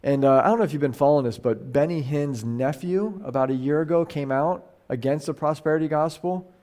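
Speaking briskly in a mellow voice that sits a little high, a middle-aged pastor leads a Bible study like a casual conversational sermon. He talks animatedly, often restarting and performing the voices he quotes.

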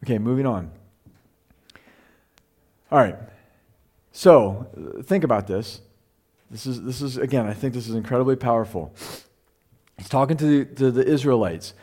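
A man's voice: mid-range voice, animated, moderate pace, long pauses, a little mellow. A middle-aged man teaching a Bible class in a chatty, conversational way, often repeating himself and asking the room questions.

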